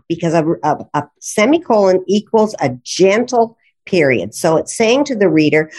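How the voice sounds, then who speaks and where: A woman who teaches grammar explains rules with enthusiasm, her lowish voice rising and falling a great deal. She talks in an easy conversational way and laughs often. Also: big pitch swings, normal speed, hardly any pauses, a little mellow, slightly rough. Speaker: grammar and writing instructor, guest.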